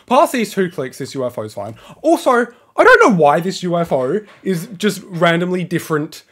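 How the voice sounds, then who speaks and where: A man's voice: high voice, big pitch swings, moderate pace, a bit bright. A man giving live gameplay commentary, complaining in frustration about a level as he plays. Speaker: gamer playing live.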